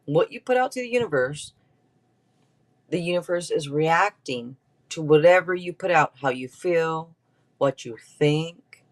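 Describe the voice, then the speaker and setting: A woman giving a casual tarot reading on a live stream, chatty and quick to laugh as she talks straight to her viewers. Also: low voice, lively intonation. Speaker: tarot reader.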